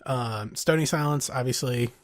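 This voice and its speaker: A man co-hosting a podcast, talking casually and haltingly about card game strategy with many pauses. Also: medium pitch, dry recording. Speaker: podcast co-host.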